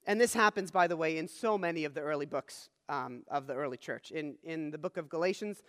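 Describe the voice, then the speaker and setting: With a long hall reverb around him, a pastor speaks fairly quickly in a fairly high, fairly bright voice. His sermon is earnest teaching, and he often pauses to check in with the listeners by asking "all right?"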